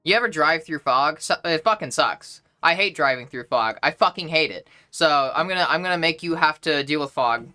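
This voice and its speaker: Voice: medium pitch, expressive, moderate pace, few pauses, pushed and bright. A young adult streamer casually chatting with a live audience, playful, profane and mock-indignant. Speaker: livestreamer reading chat.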